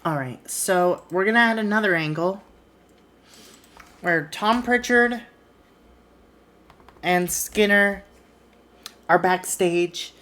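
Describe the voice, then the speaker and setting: A woman streamer chats casually as she plays a wrestling booking game. Her voice sits low, and she swears offhandedly. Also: slow pace, pauses often, a bit bright.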